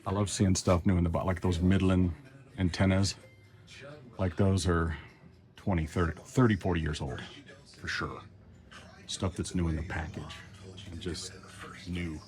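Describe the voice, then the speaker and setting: Deep and flat, his unhurried voice has a darkish tone and long pauses. He's a middle-aged vlogger from Texas who swears a lot and speaks candidly while strolling around. A dog barks in the background.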